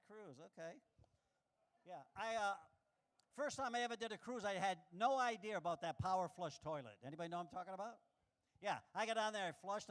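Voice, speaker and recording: A man doing a stand-up comedy set on a club stage, animated and acting out the voices he quotes. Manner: animated, acts out quoted voices with big pitch jumps.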